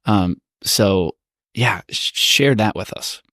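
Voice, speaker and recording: A man co-hosting a podcast, listening with quiet murmurs and setting up questions. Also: fairly low pitch, no echo, clean studio sound. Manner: quiet reactive murmurs, then quick setup questions. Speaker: podcast co-host. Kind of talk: interviewing, reacting.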